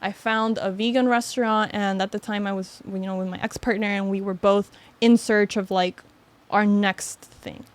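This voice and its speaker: Speaking at a moderate pace and medium pitch, a young woman from Miami shares a story as a podcast guest. Her casual, animated telling is packed with "like" and laughter.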